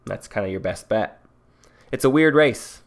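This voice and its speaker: A man's voice: lowish voice, expressive, moderate pace. A man co-hosting a casual board game podcast, rambling through strategy with a joking manner. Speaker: podcast co-host.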